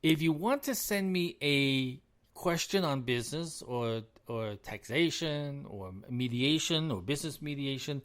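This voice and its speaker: A man's voice: mid-range voice, a little slow. A middle-aged man hosts his own podcast in a solo rant. He hammers his points with emphatic repetition and chuckles at himself between lines. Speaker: podcast host.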